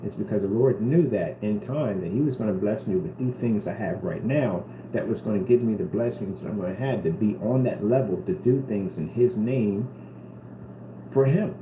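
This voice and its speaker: A man's voice: fairly low pitch, moderate pace. A man vlogging to the camera in an earnest, rambling way, often repeating himself. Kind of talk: casual talk to camera. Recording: roomy with steady background noise.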